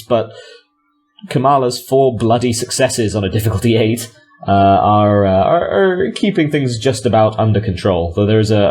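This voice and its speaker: A man's voice: on the low side, a little mellow. A man narrating as game master, rambling with fillers and self-corrections.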